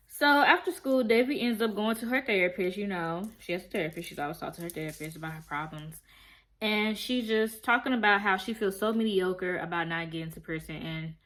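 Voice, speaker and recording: A woman's voice: mid-range voice, fairly bright tone. A young woman vlogger giving a casual, chatty recap of a TV episode, acting out quoted lines and addressing viewers directly. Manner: chatty storytelling, acts out quoted lines, talks straight to viewers. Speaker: TV review vlogger.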